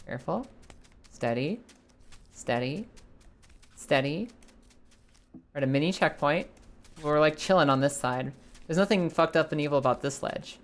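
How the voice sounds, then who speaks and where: A woman's voice: mid-range voice, sing-song, moderate pace. A young woman casually chatting to her live chat while playing a game, swearing now and then. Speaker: streamer. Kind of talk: live gameplay commentary.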